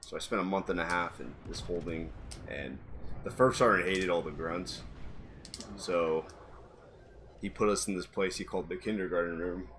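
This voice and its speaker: A man's voice: sits low, normal speed, fairly bright tone, slight background noise. A man, a podcast guest, casually telling anecdotes in an easygoing way and laughing often. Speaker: podcast guest, former Marine. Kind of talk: casual storytelling.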